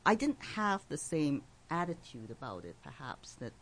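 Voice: medium pitch, big pitch swings, normal speed, a bit bright, a little hiss or hum. A speaker from outside the US talking reflectively in a panel discussion and laughing easily.

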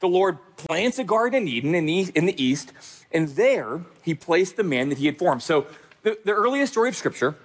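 Husky, emphatic man preaching. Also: high-pitched, sing-song, moderate pace. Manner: emphatic, direct address, repeating key phrases. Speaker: pastor. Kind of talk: sermon.

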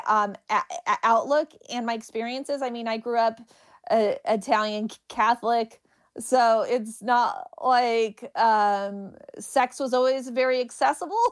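A woman comedian who stutters, repeating the first sounds of words as she answers interview questions. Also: a little high. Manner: laughs while telling stories.

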